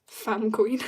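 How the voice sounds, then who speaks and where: A woman's voice: a little high, a little mellow, slightly rough. A young woman chatting casually while drawing on a livestream, bubbly and joking as she reads viewer comments. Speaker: art livestreamer.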